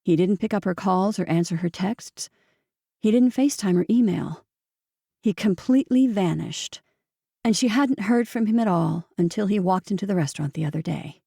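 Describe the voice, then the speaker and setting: A woman narrating an audiobook in a measured, steady storytelling manner, recorded close on a studio mic. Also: mid-range voice, gravelly, slightly rough, dry recording.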